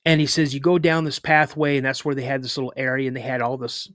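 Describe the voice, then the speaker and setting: A man who is a guest on a podcast, telling a story in a relaxed, chatty way. His voice sits at an ordinary middle pitch, and he keeps circling back with fillers and restarts. The recording is dry and close, with no room sound. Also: fast talker, dry recording. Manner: lively retelling with filler words and restarts. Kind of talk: casual spoken storytelling.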